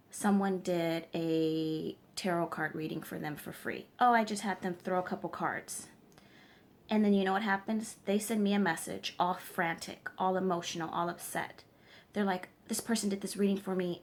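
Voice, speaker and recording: A woman's voice: lowish voice, steady tone, normal speed. A woman tarot reader giving emphatic advice straight to her viewers, often checking in with them as she lectures. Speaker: tarot reader and spiritual practitioner. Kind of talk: direct-to-camera advice vlog.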